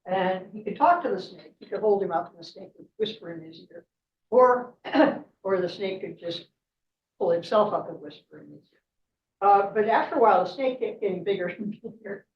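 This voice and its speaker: A woman's voice: mid-range voice, expressive, normal speed, slight background noise. A woman guest speaker telling a myth in a chatty way, laughing often and checking in with "right?". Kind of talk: storytelling talk at a club meeting. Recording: echoey room, distant mic, dull sound.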